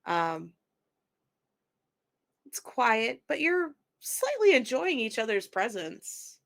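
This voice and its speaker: Woman, game master, unhurried pace, hesitant scene narration. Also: a little high, very animated, vocal fry. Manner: slow, halting description with many ums.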